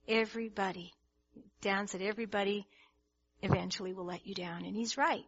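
A woman's voice: mid-range voice, steady tone, a little fast, slightly rough, dull audio. A woman preaching a sermon to a congregation, earnest and emphatic, often restarting her words. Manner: earnest, emphatic, with many restarts and rising intensity. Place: church hall with congregation.

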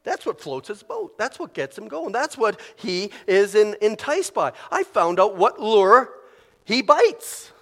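A male preacher giving a sermon in an animated, conversational way, often acting out inner voices. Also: sits high, a little slow, vocal fry. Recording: long reverb of a large hall.

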